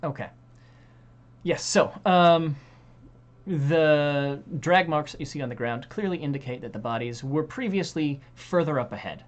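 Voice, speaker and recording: A woman with a deep, low voice leads a tabletop game as its dungeon master. She describes scenes and asks for dice rolls, filling her pauses with frequent ums and uhs. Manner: hesitant, many ums and uhs.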